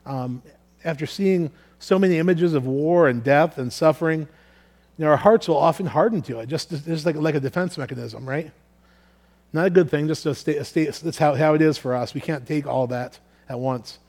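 A man delivers a sermon in a fairly high voice. He speaks earnestly, often doubling back on words as he thinks aloud. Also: normal speed, darkish tone. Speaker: preacher. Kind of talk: sermon with scripture reading.

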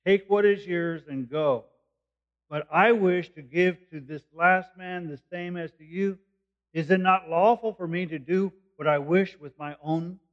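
A man's voice: sits high, unhurried. Guy preaching a sermon, explains it casual-like, kinda muffled lo-fi sound. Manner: explains scripture verse by verse, paraphrasing conversationally. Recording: dull lo-fi recording.

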